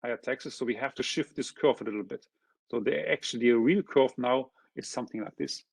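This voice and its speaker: A man presenting an economics seminar, walking through a figure step by step and often checking in with a quick "huh?". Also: medium pitch, husky, dry recording. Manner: checks in with frequent tag questions. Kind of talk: academic lecture explaining graphs.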